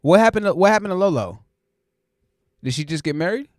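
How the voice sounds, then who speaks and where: A man's voice: sits high, animated, a little fast, a little mellow, no echo, studio quality. A man hosting a casual live stream, joking and rambling and laughing often.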